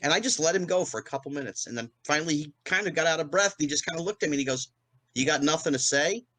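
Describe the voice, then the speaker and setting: A man in his fifties from New Jersey, a guest in an interview, telling a fast anecdote and acting out the quotes with big jumps in pitch. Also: pushed and bright, dry recording. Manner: fast storytelling with acted-out quotes, rising pitch on punchlines. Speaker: guest, former child actor.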